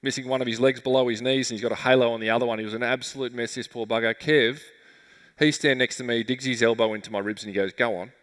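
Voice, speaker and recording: An Australian keynote speaker tells a vivid, emotional personal story on stage in a large conference hall, and the recording carries the room's reverberation. His medium-pitched voice is steady in tone, quick-paced, and a bit bright.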